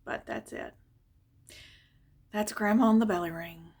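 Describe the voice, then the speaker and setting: A woman telling a personal family story in a casual vlog, conversational and expressive, turning wistful as she reflects. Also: mid-range voice, unhurried, husky.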